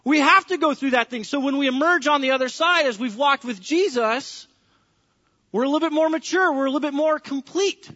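A man's voice: very high-pitched, a little fast, pushed and bright. A pastor preaching a sermon to his congregation, acting out the voices of people praying and talking with the people in the room. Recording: echoey hall, dull lo-fi sound.

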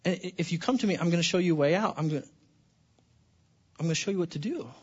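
A man delivers a sermon in a high, bright-edged voice, swinging between hushed, slow stretches and excited near-shouting. The recording is slightly dull and muffled. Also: slightly rough. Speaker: pastor.

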